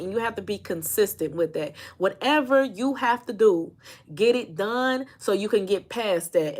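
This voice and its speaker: A woman from Indiana, a life coach, giving an emphatic, casual motivational talk to her viewers, repeating phrases and calling them y'all. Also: a little high.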